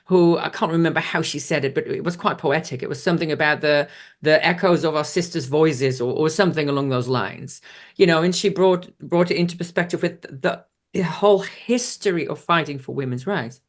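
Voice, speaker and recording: Chatty woman interviewer, quick rambling questions. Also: deep voice. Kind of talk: casual interview chat.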